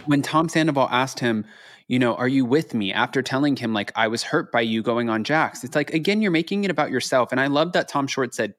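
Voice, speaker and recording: Opinionated man, blunt and animated. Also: mid-range voice, fairly quick. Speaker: podcast guest. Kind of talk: casual chat.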